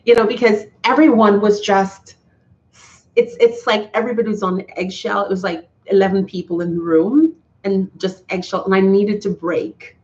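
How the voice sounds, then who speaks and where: A woman chats with her live viewers in a heartfelt, earnest way, circling back and restarting her sentences. Her voice sits at a middle pitch. The sound is slightly dull and lo-fi. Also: steady tone, moderate pace, a little mellow. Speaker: YouTuber talking to live chat. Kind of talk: casual live-stream chat.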